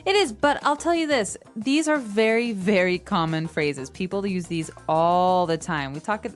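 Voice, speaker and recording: A woman's voice: medium pitch, lively intonation, normal speed, faint music behind. A woman co-hosting a language lesson podcast, explaining with everyday examples in a casual chat. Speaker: podcast co-host.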